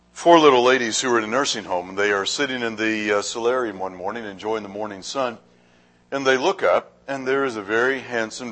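A man with a very deep voice delivers a sermon as a visiting preacher. He speaks graciously and takes his time, pausing and restarting as he goes. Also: a bit bright. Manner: gracious, unhurried, with halting pauses. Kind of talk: sermon with a warm-up story.

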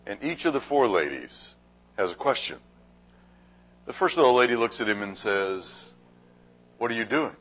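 A man speaking as a visiting preacher, giving a sermon in a gracious, unhurried way with halting pauses. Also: on the low side, sing-song, fairly bright tone. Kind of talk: sermon with a warm-up story.

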